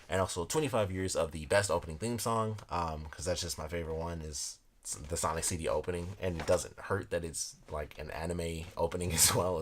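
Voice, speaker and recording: A young man casually chatting through an unboxing, reading product blurbs aloud between rambling asides. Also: low-pitched. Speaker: unboxing video host.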